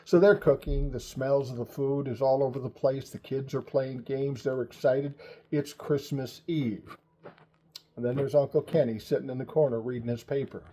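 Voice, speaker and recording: A man's voice: mid-range voice, fairly even intonation, normal speed, warm tone, poor audio. An older man telling a family story in a casual, chatty, profane way.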